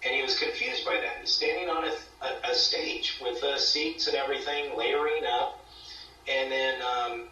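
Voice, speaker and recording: A man with a bright, tense voice recounts a ghost investigation as a talk-show guest. He rambles and acts out the voices he quotes. The sound is echoey with a little music in the background. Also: medium pitch, far from the mic, muffled recording. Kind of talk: casual interview storytelling.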